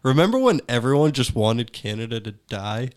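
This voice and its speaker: Wisecracking American podcast co-host. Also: male voice, mid-range voice, very animated, normal speed. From United States. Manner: dry jokey asides, swearing. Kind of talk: casual chat.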